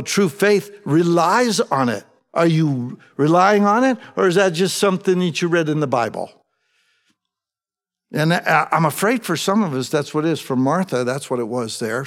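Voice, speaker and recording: Pastor guy preaching, kinda high voice, big echoey church hall, gets loud and fired up. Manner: animated, rising to loud emphatic calls. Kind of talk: sermon. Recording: long reverb of a large hall.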